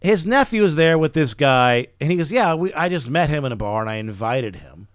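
A man's voice: fairly high pitch, animated, a little fast, smooth, no echo, studio quality. A man hosting a podcast, telling a story in casual chat and acting out the people he quotes. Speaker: podcast host.

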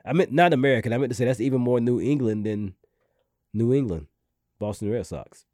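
A man's voice: medium pitch, brisk, dry recording, clean studio sound. A man co-hosting a podcast in casual chat, easygoing and joking, sounding congested from allergies. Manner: easygoing, joking, animated storyteller. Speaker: podcast co-host.

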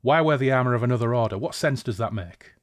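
A man's voice: mid-range voice, fast talker, no echo, studio quality, close to an everyday voice. A man voicing a hostile male boar warrior who growls his questions. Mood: suspicious. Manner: growling, demanding.

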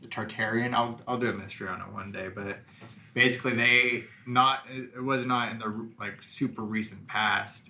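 A man's voice: lowish voice, fairly even intonation, normal speed, sharp tone. A man co-hosting a casual podcast chat, telling a story in a rambling way full of fillers. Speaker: podcast co-host.

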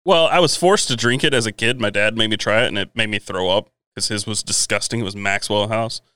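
A young man co-hosting a live stream, telling stories in a casual, animated way and swearing freely. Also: fairly low pitch, a little fast, clean tone, dry recording, clean studio sound. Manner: animated, profane storyteller. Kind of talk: casual chat, storytelling.

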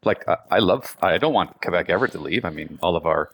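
A man's voice: sits low, expressive, brisk, vocal fry, fairly bright tone, no echo, studio quality. A man in casual chat, blunt and ranting, with many fillers and restarts.

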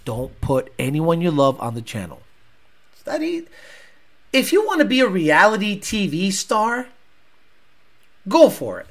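A man's voice: high-pitched, big pitch swings, measured pace, long pauses. Blunt, profane man ranting. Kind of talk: casual rant.

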